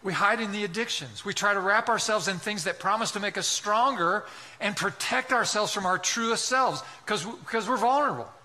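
Forceful high-voiced male preacher. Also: normal speed. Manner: impassioned, rhetorical questions, acts out quotes. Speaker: pastor. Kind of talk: sermon.

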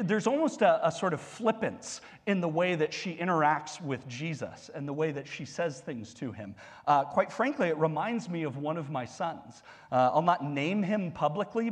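A male pastor giving a sermon in a conversational, animated style with humorous asides. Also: on the high side, breathy edge, long reverb tail.

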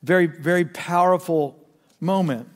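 Middle-aged male pastor, earnest storyteller, slightly higher voice, long hall reverb, soft-to-loud swings. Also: unhurried. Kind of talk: sermon.

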